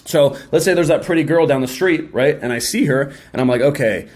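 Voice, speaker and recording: A young man giving a casual motivational talk straight to his viewers, energetic and slangy, often acting out quick imagined exchanges. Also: fairly high pitch. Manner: energetic, slangy, acts out quick mock dialogues. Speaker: self-help video host.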